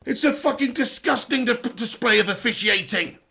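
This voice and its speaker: A bright, high-pitched young man rants at a normal speed during a live football watch-along. His voice is strained and sore, gravelly and husky. He's exasperated and keeps repeating the same complaint.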